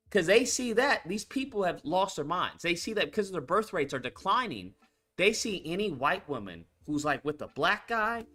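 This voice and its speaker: A man's voice: high-pitched, pushed and bright. A man hosting a casual commentary show, ranting bluntly and profanely, repeating himself for emphasis. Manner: blunt, profane, repetitive and heated. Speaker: commentary channel host. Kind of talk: casual political commentary rant.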